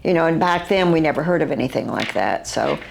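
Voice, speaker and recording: Older woman, West Virginian accent, eyewitness account, halting and vivid, low-pitched, gravelly. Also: lively intonation, slight background noise. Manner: halting, vivid storytelling with fillers and restarts. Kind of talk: recounting a personal encounter.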